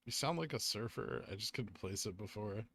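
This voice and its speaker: Lively chatty Southern Californian man. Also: lowish voice, moderate pace, slightly rough, dry recording. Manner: reads chat comments aloud and answers them, chatty, says "like" often. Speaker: streamer reading chat. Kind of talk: casual live-stream chat.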